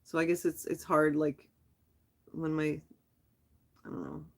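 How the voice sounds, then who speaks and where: A woman vlogger talking casually on a live stream, telling a story in a rambling, animated way with frequent restarts. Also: low-pitched, unhurried. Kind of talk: casual chat.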